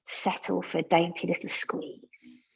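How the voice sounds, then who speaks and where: A woman leading a guided yoga class, giving gentle, chatty instructions with friendly asides. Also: lowish voice, level tone, unhurried, creaky, a little hiss or hum, poor audio.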